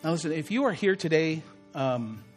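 A man's voice: fairly high pitch, big pitch swings, normal speed, over music. A male pastor delivering a conversational sermon in church, acting out the words of the story as he goes. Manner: conversational preaching, acts out Jesus' words.

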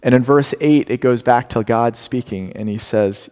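A man preaching a sermon, acting out scripture in a lively way with big rises and drops. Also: medium pitch, moderate pace, few pauses. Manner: animated, dramatic paraphrasing of scripture. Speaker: pastor. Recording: long hall reverb.

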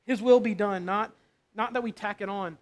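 A man with a high-pitched voice preaching a sermon. He talks in a casual, conversational way. He keeps checking in with the room by asking "right?". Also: normal speed. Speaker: pastor.

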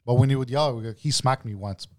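A man in his thirties in a casual podcast chat, telling stories with lots of swearing and getting loud when worked up. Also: medium pitch, fast talker.

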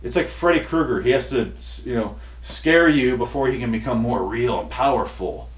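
Ranty sweary guy hosting a comedy podcast, voice going hoarse, sounds kinda far off in an echoey room. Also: mid-range voice, normal speed. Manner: exasperated, profane, building to shouty outbursts. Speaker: podcast host. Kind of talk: comedic rant. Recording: roomy echo, distant mic.

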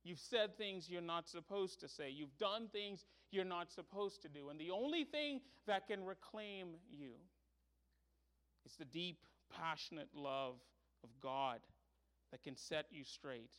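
High-voiced man preaching with fervor. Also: lively intonation, a little slow, fairly bright tone. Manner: earnest preaching, rising to emphatic pleading. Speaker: pastor. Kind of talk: sermon.

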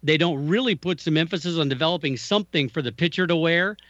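Fairly high voiced guy ribbing his cohost about sports, muffled lo-fi dry sound. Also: quick pace, dry recording. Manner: teasing, animated, repeats words. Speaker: podcast co-host. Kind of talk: casual sports chat.

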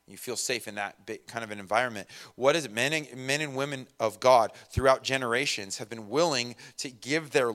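Man, mid-pitched, preaching conversationally, reads scripture then riffs and acts out quotes. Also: a bit bright. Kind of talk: sermon with scripture reading.

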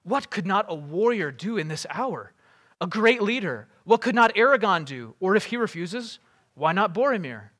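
A proud, desperate warrior hungry for power, read aloud by a man, with a bright, forceful voice pitched high and rising to furious shouts. He pushes every line with insistence. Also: big pitch swings, normal speed, full character voice. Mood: proud insistent. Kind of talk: dramatic reading aloud.

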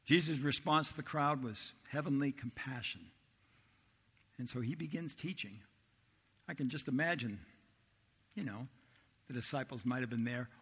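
Animated male pastor preaching in a reverberant hall. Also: medium pitch, a little slow, long pauses, slightly rough. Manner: animated storytelling, acts out disciples' voices. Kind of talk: sermon. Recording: long reverb of a large hall.

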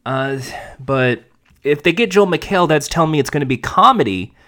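A man hosting a podcast, talking quickly and wryly about the news with a self-mocking humor. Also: a little high, lively intonation, fairly bright tone. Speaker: podcast host. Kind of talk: casual podcast commentary.

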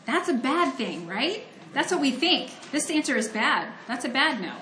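A woman's voice: high-pitched, very animated, moderate pace, reverberant, noisy background. A woman from Ohio giving a conversational, earnest sermon that mixes scripture reading with personal storytelling. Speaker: preacher.

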